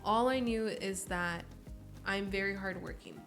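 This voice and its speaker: A woman in her early twenties, guesting on a podcast, chats casually in an unhurried, medium-pitched voice with vocal fry and a fairly bright tone. Soft music plays in the background as she tells stories expressively and acts out quoted voices.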